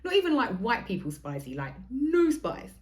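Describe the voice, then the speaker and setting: A woman's voice: fairly high pitch, wildly swooping pitch, moderate pace. Chatty, swearing woman in her forties. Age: 40s. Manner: chatty, swears freely, acts out other people's lines. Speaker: podcast host. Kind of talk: casual storytelling monologue.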